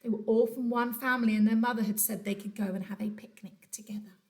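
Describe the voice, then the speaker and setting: A woman teacher reading a children's storybook aloud from home, telling it in an animated, dramatic way. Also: a little high, fast talker. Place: at home during lockdown.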